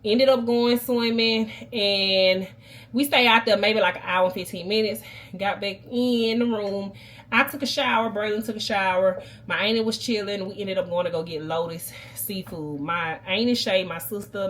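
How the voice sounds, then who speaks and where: A young woman, telling a long casual story to her viewers and addressing them warmly as baby and y'all. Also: medium pitch, moderate pace, a little hiss or hum. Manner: chatty, animated storyteller who keeps calling the viewers "baby" and "y'all". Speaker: vlogger.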